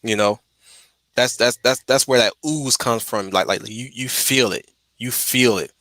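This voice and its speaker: A man talks casually as the host of a stream, tripping over his words and repeating himself as he works through his ideas. His voice is bright and forceful. The sound is dry and close, with no room echo. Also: mid-range voice, a little slow. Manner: stumbling restarts, repeats words.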